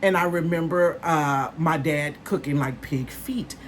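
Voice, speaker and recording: A woman in her fifties chatting casually to her viewers as a vlogger, calling them "honey" and "you guys" and bursting into excitement. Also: low-pitched, measured pace, a little hiss or hum. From northern United States. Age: 50s.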